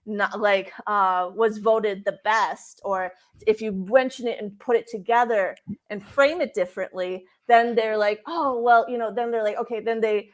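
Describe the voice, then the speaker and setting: A woman's voice: mid-range voice, steady tone, normal speed. A woman interviewed as a career coach for expats, talking casually with frequent restarts and filler words.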